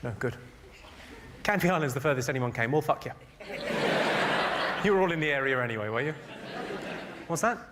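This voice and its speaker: During a live stand-up set thick with loud crowd noise, a middle-aged man from England works the room, dryly and crudely ribbing the audience from the comedy venue's stage. He speaks briskly with an expressive mid-range voice, pausing often.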